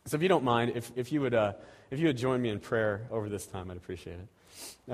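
A lay preacher in his thirties or forties delivers a casual, self-deprecating sermon and prayer in a church sanctuary, rambling with restarts and chuckles. His voice is mid-range and a little fast, and the recording carries the reverberance of a church hall.

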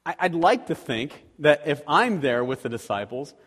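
A man's voice: a little high, expressive, normal speed, a bit bright, slightly rough. A man preaching a sermon as a pastor, talking conversationally with rhetorical questions to the congregation. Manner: acts out quoted voices animatedly. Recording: long reverb of a large hall.

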